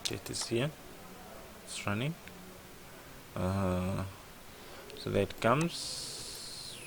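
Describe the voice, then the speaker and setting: A man's voice: lowish voice, animated, extremely slow, vocal fry, background noise. A man tutoring app programming in a casual lesson, thinking aloud and asking "what?" before he answers himself. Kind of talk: casual screen-share coding lesson.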